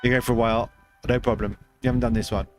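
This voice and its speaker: A man's voice: medium pitch, little pitch movement, racing, soft background music. A man hosting a casual game livestream, chatting loosely and answering viewers' chat as he plays. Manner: chatty, reads chat aloud, rambling with restarts. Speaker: livestream host.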